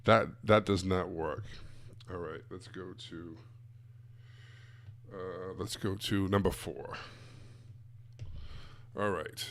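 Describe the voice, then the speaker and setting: A man's voice: low-pitched, fairly even intonation, slow, long pauses, a little hiss or hum. A man coaching other coaches live, blunt and direct, asking rhetorical questions and repeating his points. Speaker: sales coach. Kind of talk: live-streamed teaching.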